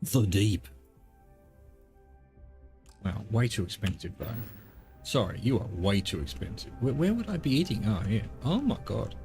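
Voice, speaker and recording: A man's voice: lowish voice, sing-song, moderate pace, long pauses, warm tone. A man playing a video game and commenting wryly, talking back to the characters. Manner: wry, sarcastic, talks back to characters. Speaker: gaming streamer. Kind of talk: let's play commentary. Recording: with game music behind.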